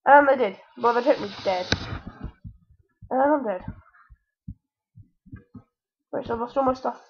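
An excitable woman hosts let's-play commentary for her gaming channel, talking to the game and yelping when she's in danger. She's unhurried, pausing often, with a voice on the high side. Highs are cut off in the recording.

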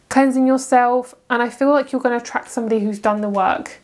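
A young woman with a British accent reads tarot cards in a loose, chatty way. She gushes and breaks into laughter easily, and her voice sits a little high. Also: a little fast, hardly any pauses. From Britain. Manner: gushing, excitable, bursts into laughter. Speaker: tarot reader. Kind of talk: casual tarot card reading.

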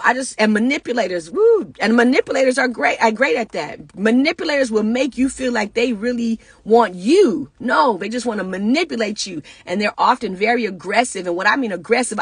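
Husky woman preaching casually. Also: medium pitch, a bit bright, dry recording. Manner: conversational, preacherly, talks back to listeners. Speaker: pastor and speaker. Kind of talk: casual motivational talk.

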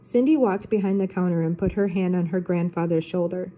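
An older woman reads a children's book aloud to young listeners, keeping a gentle and even pace. Her voice is dark and mellow, with a light husk to it. She sounds like a teacher at story time. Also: on the low side, brisk, low-quality recording.

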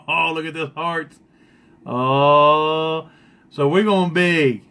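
A man jokes his way through a live makeup session. He is teasing and boastful. His voice sits fairly high and sounds bright. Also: fairly even intonation, unhurried. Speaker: guest makeup artist on a live stream. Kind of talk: joking live-stream banter.

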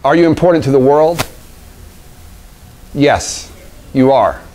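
A man's voice: medium pitch, slow pace, a little mellow, slight background noise. A man, an obstetrician, giving an emphatic motivational talk to a room of young parents, full of rhetorical questions and repetition. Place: conference room with audience.

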